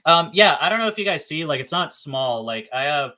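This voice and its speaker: Bright-voiced young man on a livestream. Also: on the high side, expressive, brisk. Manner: rambling, profane, self-deprecating. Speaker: reptile breeder livestreamer. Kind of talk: casual live-stream chat.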